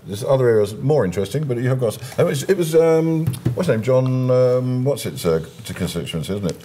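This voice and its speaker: A man's voice: mid-range voice, expressive, a little fast, mellow, a little hiss or hum. A man presenting a TV newspaper review, chatting and throwing in asides. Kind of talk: studio discussion.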